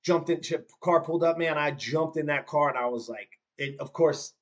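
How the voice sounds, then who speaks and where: Animated fifty-year-old storyteller. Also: male voice, a little high, moderate pace. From Southern California. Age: 50s. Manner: animated, repeats himself when moved, acts out his mom's lines. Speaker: guest. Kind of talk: storytelling in a podcast conversation.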